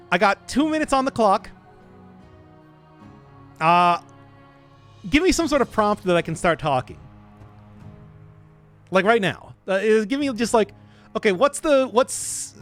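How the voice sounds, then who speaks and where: A young man rambles through live gameplay commentary, breaking into laughs and the odd curse. His voice runs high and lively, jumping up and down in pitch. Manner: rambling, laughs often, swears. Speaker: streamer.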